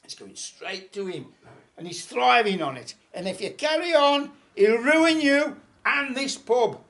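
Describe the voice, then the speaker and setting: A stern, wise saint delivering a firm warning in a spoken folk tale, as a male storyteller puts him on. The lines are emphatic and rise and fall in a lively way. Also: high voice, a little slow, echoey room, recorded from a distance, voice pushed up, full character voice.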